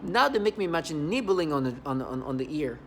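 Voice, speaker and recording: A man talking to camera in a rambling, halting monologue, repeating words and stressing points earnestly. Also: a little high, sing-song, a bit bright, a little hiss or hum. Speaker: vlogger.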